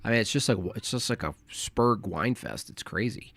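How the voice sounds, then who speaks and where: A man's voice: fairly low pitch, animated, moderate pace, fairly bright tone, dry recording. A man streaming commentary on a video, mocking and laughing often in casual chat. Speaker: streamer reacting to a debate.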